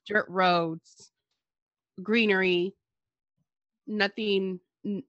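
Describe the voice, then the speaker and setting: A woman's voice: medium pitch, fairly even intonation, drawn-out words, fairly bright tone, no room sound, highs cut off. A woman co-hosting a casual history discussion, with dry, sarcastic asides. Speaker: podcast co-host.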